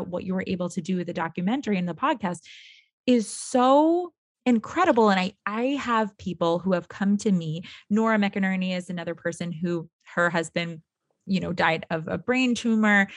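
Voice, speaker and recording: A woman's voice: fairly low pitch, moderate pace, dry recording. A woman hosting a podcast interview, talking earnestly and enthusiastically in long flowing sentences. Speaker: podcast host. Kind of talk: casual interview chat.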